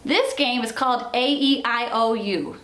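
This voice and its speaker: Slow, patient woman in an echoey room. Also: on the high side, a bit bright. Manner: slow, patient, sing-song with the child. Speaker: parenting video presenter. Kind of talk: instructional demonstration with a toddler.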